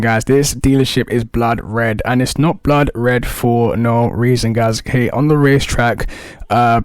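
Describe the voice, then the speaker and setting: Man, excitable gaming commentary, hypey, says guys a lot, mid pitch, dry close sound. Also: no echo. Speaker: gaming YouTuber. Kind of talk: energetic game walkthrough commentary.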